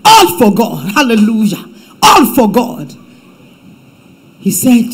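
Nigerian woman preacher, church sermon, emphatic delivery with hushed asides. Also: fairly high pitch, wildly swooping pitch, takes it slowly, pauses often, husky, poor audio. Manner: emphatic preaching, swings from loud to hushed, mixes in Yoruba phrases. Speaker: pastor.

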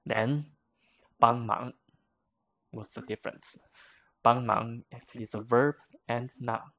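A man teaches vocabulary in a slow, unhurried delivery. He is a native Chinese speaker, explaining each point patiently and step by step, with frequent fillers. His voice sits at a middle pitch. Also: fairly even intonation, sharp tone.

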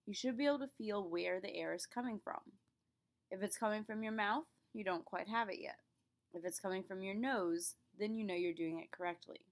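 A young woman teaches a class in a clear, patient voice. She explains each point step by step and speaks the examples aloud for her students. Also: mid-range voice. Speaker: French teacher. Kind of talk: classroom lesson.

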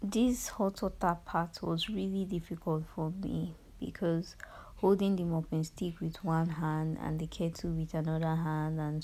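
A woman from Nigeria with a Nigerian accent, narrating her own hair tutorial over the footage in a relaxed, conversational way with casual fillers. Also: deep voice, vocal fry. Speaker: beauty vlogger.

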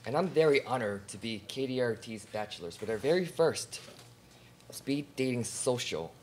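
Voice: mid-range voice, animated, normal speed, a little mellow, slight background noise, natural voice. A performer playing a self-important male bachelor in a student radio play, with a grand, showy delivery. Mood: grandiose. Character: pompous male bachelor on a dating show. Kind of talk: student live radio theatre.

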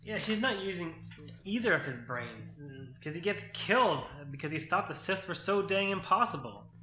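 Excitable nerdy man with a bright voice. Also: high voice, moderate pace, echoey room, low-quality recording. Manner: nerdy, explains at length, excitable. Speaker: podcast co-host. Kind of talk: casual chat over a card game.

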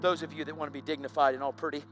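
A male preacher with a notably high, bright and forceful voice delivers a live sermon to a church congregation. He talks in an earnest, emphatic and intense way, driving each point home. Faint music plays behind him. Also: level tone, racing. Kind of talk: live sermon with dramatic storytelling. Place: church service on stage.

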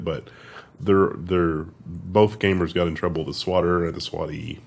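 Low husky-voiced man hosting tech news. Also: fairly even intonation, normal speed, darkish tone. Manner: wry, laughs often, sarcastic asides. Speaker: news show co-host. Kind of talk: casual tech news chat.

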